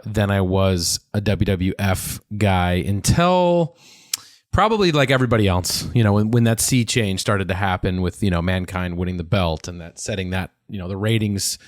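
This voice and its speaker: A man's voice: lowish voice, no echo, studio quality. A man from Minneapolis co-hosting a podcast, chatting with enthusiasm as he reminisces like a fan. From Minneapolis, USA. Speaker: podcast co-host. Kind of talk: casual chat.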